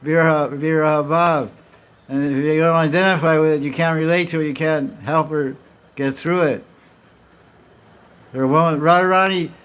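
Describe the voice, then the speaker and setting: A man's voice: fairly high pitch, fairly bright tone, smooth. A man teaching at a devotional gathering, telling a story and acting out its dialogue, with many restarts. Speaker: spiritual teacher. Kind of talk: devotional lecture with questions.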